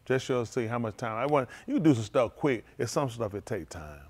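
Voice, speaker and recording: Male pastor, loose vernacular sermon delivery, moves between low murmurs and loud high exclaiming. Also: animated, brisk. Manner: speaks in informal, vernacular English.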